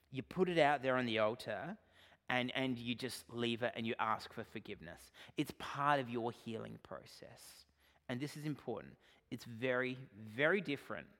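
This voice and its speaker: A male pastor giving a sermon to his church, earnest and direct, swinging from emphatic points to quiet asides. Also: medium pitch. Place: church sanctuary. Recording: long hall reverb.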